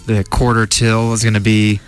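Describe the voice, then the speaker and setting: A man's voice: lowish voice, monotone, normal speed, clean tone, soft background music. A young man co-hosting a student radio show, teasing and joking with his guest. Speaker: co-host. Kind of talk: casual radio interview.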